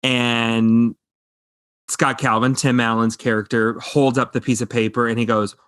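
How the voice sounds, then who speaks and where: A man's voice: mid-range voice, little pitch movement, measured pace, fairly bright tone, smooth, dry recording, clean studio sound. A man co-hosting a casual movie podcast, eagerly quoting favorite film lines. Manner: enthusiastic, quotes film lines. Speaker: podcast co-host. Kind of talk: casual movie review chat.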